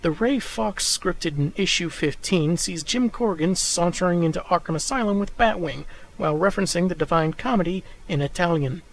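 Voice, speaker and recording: A man's voice: sits high, normal speed, poor audio. A man recapping comic book issues in scripted narration, with dry, sarcastic asides.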